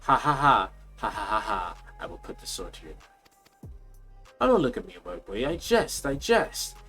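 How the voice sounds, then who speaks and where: A man's voice: lowish voice, huge pitch swings, moderate pace, sharp tone, soft background music, exaggerated voice. A man voicing a vain, boastful young nobleman with a pompous, theatrical manner.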